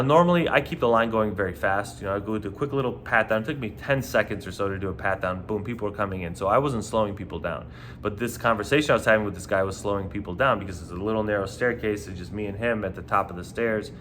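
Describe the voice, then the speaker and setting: Ex-bouncer man, lowish voice, punchy swearing storyteller, faint room hum behind. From New York. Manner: animated, punchy, swears freely, fillers like you know. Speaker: former nightclub bouncer telling stories. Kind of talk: casual storytelling monologue.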